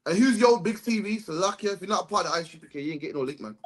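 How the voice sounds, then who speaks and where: A man's voice: high-pitched, expressive, very fast, fairly bright tone. A man leading a bible study, talking emphatically and tagging his sentences with "man". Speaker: religious teacher.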